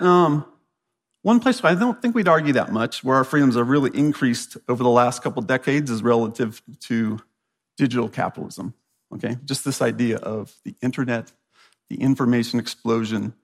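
A man's voice: mid-range voice, vocal fry. An American man speaking to a church crowd in a conversational sermon, often checking in with the audience with "right?". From United States. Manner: chatty, keeps asking the audience "right?".

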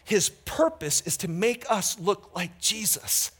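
Animated, bright-voiced male pastor. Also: high voice, slow, slightly rough. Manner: animated and emphatic, swinging from loud to hushed; candid, conversational preaching. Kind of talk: sermon.

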